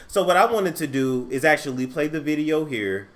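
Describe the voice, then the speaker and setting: Blunt, animated male gossip host. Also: fairly high pitch, moderate pace, few pauses. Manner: blunt, crude, teasing; talks straight to the camera and the live chat. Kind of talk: casual gossip commentary.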